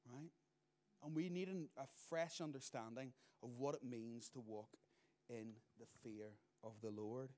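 A middle-aged man, preaching a sermon as pastor, moving between loud emphatic lines and quiet asides. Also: mid-range voice, a little slow.

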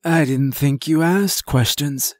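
A man doing a weary old farmer with a slow drawl. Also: on the high side, darkish tone, no room sound. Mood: grim, weary. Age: older. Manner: slow drawling rural speech.

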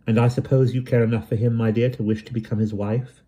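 Male reader voicing a severe, managing young woman; emphatic, husky, mellow tone. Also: mid-range voice, level tone, quick pace, pitched above the performer's own voice, lightly acted. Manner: crisp, emphatic, commanding.

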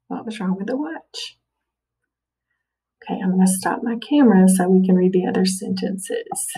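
A woman's voice: medium pitch, expressive, moderate pace, dark tone, far from the mic, poor audio. A woman teacher giving a recorded phonics lesson, patient and checking in with "okay" often.

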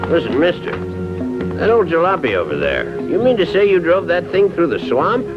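A pushy bystander who sounds incredulous, with a raised, lively pitch. The muffled old film dub carries music behind him. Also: male voice, normal speed.

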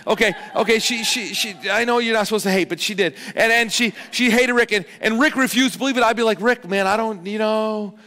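A man in his thirties preaching a sermon as pastor, chatty and joking, with lively swings in pitch and loudness. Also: fast, hardly any pauses. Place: large church auditorium. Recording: long hall reverb.

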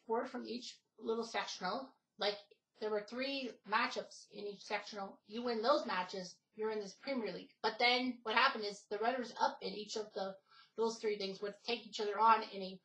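A woman talks casually on her own gaming channel, wandering from point to point. She often stops on "um" and restarts her sentences. Her voice sits at an ordinary pitch for a woman. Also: a bit bright, rough recording. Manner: rambling, many fillers and restarts. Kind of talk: casual gaming video talk.

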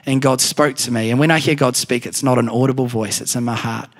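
A man with a New Zealand accent preaching a sermon, telling personal stories with animated delivery and acting out the voices he quotes. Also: mid-range voice, fairly quick. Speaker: pastor.

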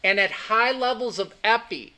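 A man with a bright, forceful voice that sits high speaks at a moderate pace. He's an anatomy and physiology instructor giving a classroom lecture, emphatic and repetitive, repeating key points and often checking that students are following along.

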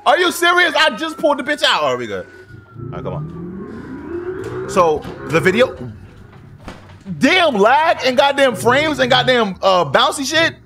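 A man giving casual, profane gameplay commentary as a gaming video host, reacting loudly to what happens in the game. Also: very high voice, normal speed. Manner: excitable, profane outbursts at the game. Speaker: gaming YouTuber. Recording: noisy game audio under voice. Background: driving game engine and traffic sounds.

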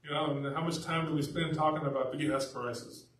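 A man preaching a sermon as pastor, telling the story in a casual, animated way. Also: a little high, a little fast. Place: church sanctuary. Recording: echoey church from a distance.

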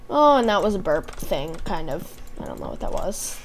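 A chatty young woman talks her way through a game session, narrating each move as she plays in a relaxed, rambling manner. Her pitch sits mid-range for a woman, and a faint hiss of noise runs under the recording. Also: moderate pace. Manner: chatty, narrates her own gameplay aloud. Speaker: gaming channel host. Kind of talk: casual let's-play chat.

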